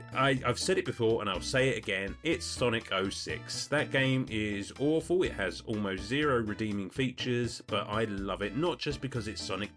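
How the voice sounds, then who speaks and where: A man's voice: mid-range voice, a bit bright. A British man hosting a podcast, casually answering listener questions in a rambling, self-correcting way. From United Kingdom. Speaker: podcast host.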